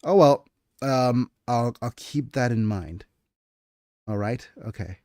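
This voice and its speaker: A man's voice: medium pitch, slow, dark tone, no room sound, studio quality. A man hosting a casual livestream about his writing, hesitant and thinking aloud, with many fillers and restarts. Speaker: livestreamer and writer.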